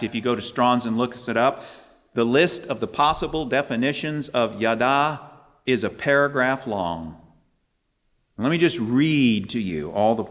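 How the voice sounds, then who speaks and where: A man delivers a sermon in an emphatic, driving manner. His pitch climbs sharply whenever he quotes scripture or poses a question. His voice sits in the middle range and rings out with a long hall reverb. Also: fairly bright tone. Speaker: preacher.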